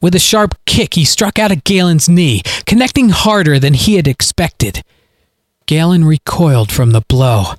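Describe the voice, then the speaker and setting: A man narrating his own audio story with dramatic, expressive storytelling. His pitch moves in a lively, animated way, and his voice has a slightly husky grain. The recording is close and dry. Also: moderate pace, no room sound. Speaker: podcast author and narrator.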